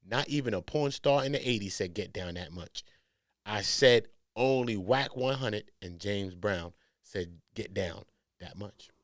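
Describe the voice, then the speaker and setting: A man hosting a commentary show, talking in heavy slang, emphatic, jumping from loud outbursts to low mutters. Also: unhurried, no room sound, clean studio sound. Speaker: commentary host. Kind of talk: animated commentary.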